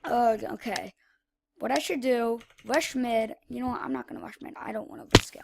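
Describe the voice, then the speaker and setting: A woman giving chatty, rambling live gameplay commentary as a gaming channel host, breaking into excited yells. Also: on the high side, normal speed, vocal fry. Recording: loud noise and mouse clicks.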